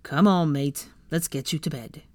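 A woman's voice: low voice, normal speed, dark tone, no echo, studio quality, lightly acted. A woman voicing a laid-back young man among classmates. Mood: easygoing.

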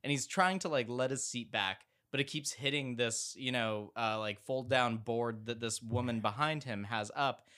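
A man's voice: medium pitch, moderate pace, hardly any pauses, pushed and bright. A man co-hosting a film podcast, chatting casually with many fillers and frequent laughter. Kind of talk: casual chat.

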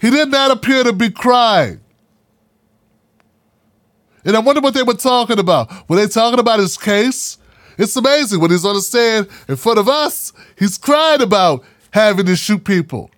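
A man's voice: sits high, expressive, normal speed, a bit bright, no echo, studio quality. A man hosting a casual commentary monologue, talking in a sarcastic, mocking, slangy way. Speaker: political commentary host.

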